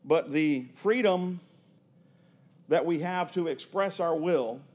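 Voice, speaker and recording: A pastor preaches a sermon to a church congregation at a slow pace. His voice climbs to loud, emphatic peaks, then sinks to low, hushed lines.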